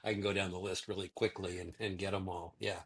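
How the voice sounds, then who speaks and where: A man in a casual philosophy discussion who speaks bluntly and is quick to object. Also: deep voice, little pitch movement, gravelly, husky. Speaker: discussion participant.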